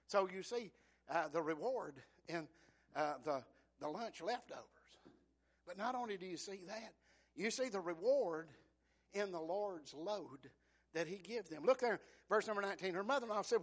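A man's voice: high-pitched, animated, normal speed. A man preaching a sermon, folksy and conversational, retelling scripture as dialogue and asking the congregation for an amen.

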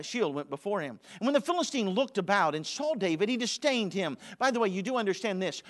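Animated man preaching a sermon. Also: fairly high pitch. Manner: animated, swings from loud declaration to hushed asides. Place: church auditorium.

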